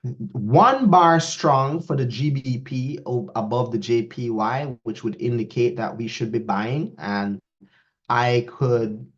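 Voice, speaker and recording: A man's voice: medium pitch, takes it slowly. A man teaching a live trading lesson, talking straight to his students and acting out their questions in a raised voice. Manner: lively, talks to students, quotes askers in a raised voice. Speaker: trading instructor. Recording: dull lo-fi audio.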